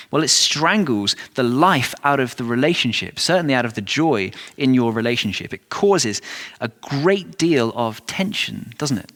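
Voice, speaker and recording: A man's voice: medium pitch, fairly bright tone. A male pastor with an English accent giving a sermon, earnest and emphatic, full of rhetorical questions.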